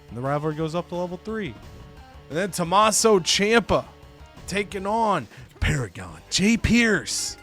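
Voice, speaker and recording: A man's voice: high voice, unhurried, soft background music. A man casually narrating a wrestling management game playthrough, slipping into exaggerated voices for the wrestlers. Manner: animated, acts out wrestlers' lines in exaggerated voices.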